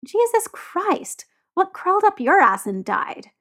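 A woman's voice: high-pitched, expressive, normal speed, voice pushed up. A woman reading aloud and voicing a brash, theatrical young man who teases and snaps. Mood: angry. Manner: theatrical, mocking, then snapping. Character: brash teasing young man, hot-tempered.

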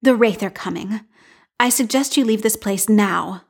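A woman's voice: medium pitch, normal speed, slightly rough. Woman voicing a frightened, urgent mother. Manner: urgent, tense. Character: fearful, protective mother.

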